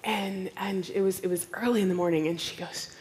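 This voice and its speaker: A woman from Oklahoma with an American accent gives a conference talk, telling stories in an animated way and acting out the people she quotes in playful voices. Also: medium pitch, fairly quick. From Oklahoma, United States. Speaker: conference speaker. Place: conference hall. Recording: long hall reverb.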